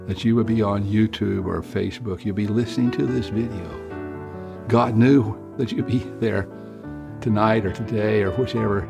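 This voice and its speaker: Gravelly-voiced preacher man with soft music. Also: on the low side. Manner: earnest, pleading appeals. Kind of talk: evangelistic sermon. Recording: music playing behind.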